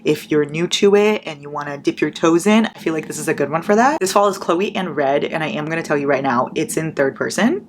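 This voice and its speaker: A woman's voice: low voice, a little fast, few pauses, slight background noise. A young woman in her twenties chatting casually about books, gushing and swearing freely. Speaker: book vlogger. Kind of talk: casual chat.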